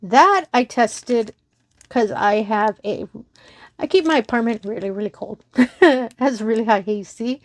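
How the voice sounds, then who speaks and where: Bubbly woman, slightly high voice. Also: measured pace, no room sound. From Texas. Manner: bubbly, giggly, apologetic and rambling. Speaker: crafting channel host. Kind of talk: casual chat to viewers.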